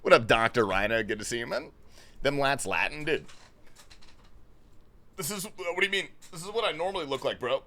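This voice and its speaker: A man's voice: medium pitch, lively intonation, brisk, pauses often, bright, forceful tone. A man streaming live, chatting loosely and profanely with his chat while he plays, calling everyone brother and dude. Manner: loose and profane, greets chat with bro-talk. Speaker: livestreamer. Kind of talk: casual livestream chat while gaming.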